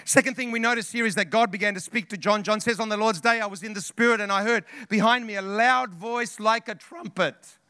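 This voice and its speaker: A man's voice: sits high, steady tone, brisk, bright, forceful tone, smooth, dry recording, clean studio sound. A male pastor preaching a sermon with passion, repeating phrases and calling out to the congregation. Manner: impassioned preaching with repetitions and call-outs.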